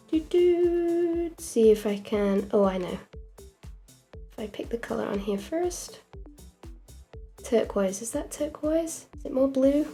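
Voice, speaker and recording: An English animator from England, with an accent blending Essex and Midlands, streams her work and chats casually while animating. Her mid-range voice is relaxed and hesitant, full of ums and phrases that trail off.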